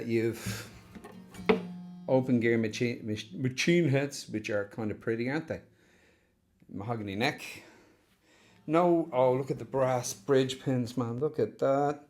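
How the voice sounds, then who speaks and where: A man's voice: mid-range voice, a little mellow. An Irish man chatting casually as he unboxes and looks over a guitar, thinking aloud with fond asides. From Ireland. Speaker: guitar reviewer.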